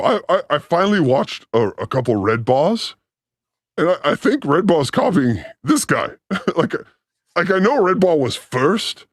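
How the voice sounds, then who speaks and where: Man, high voice, wildly lively pitch, laughs a lot, loud, casual chat. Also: no echo, clean studio sound. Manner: laughs often, loud and animated, mimics others. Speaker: podcast co-host.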